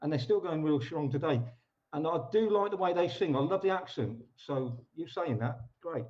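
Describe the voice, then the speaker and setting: A man's voice: fairly high pitch, moderate pace, a little mellow, highs cut off. A man, a guest shanty singer, chatting casually and enthusiastically on a video call.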